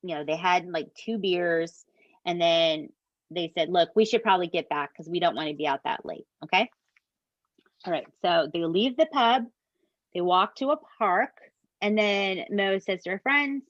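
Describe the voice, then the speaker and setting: A woman, co-hosting a podcast and retelling a true crime story in an animated, casual way that includes swearing. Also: lowish voice, moderate pace, no echo, dull audio. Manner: animated, swears, addresses listeners as "you guys". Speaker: podcast co-host.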